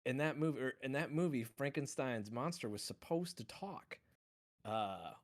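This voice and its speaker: A man's voice: mid-range voice, moderate pace, no echo, studio quality. A man co-hosting a movie podcast, telling stories in a rambling, casual way full of fillers. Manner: rambling, filler-heavy storytelling. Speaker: podcast co-host.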